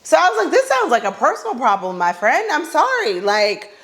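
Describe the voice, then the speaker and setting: Podcast lady telling a wild date story, lively, acts out what she said, pretty blunt. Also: high-pitched, a little fast. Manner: animated, acts out her own reactions in dialogue; blunt, exasperated asides to listeners. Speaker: podcast host. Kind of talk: casual comedic storytelling.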